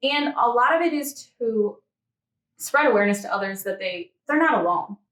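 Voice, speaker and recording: Guesting on a relaxed interview, a woman who works as a fitness model talks at normal speed in a somewhat high, expressive, slightly bright voice. She's chatty, laughs a lot and plays out small quotes, recorded on a distant mic in an echoey room.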